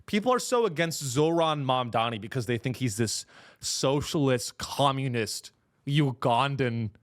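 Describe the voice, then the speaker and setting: A man hosting a comedy podcast, ranting in an animated way and keeps slipping into mocking impressions of other people. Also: medium pitch, unhurried.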